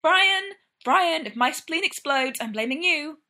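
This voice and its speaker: A woman's voice: high voice, big pitch swings, takes it slowly, pushed and bright, pitched above the performer's own voice, full character voice. A woman voicing a flustered young woman laced into a tight corset, whiny and exclamatory. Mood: frantic.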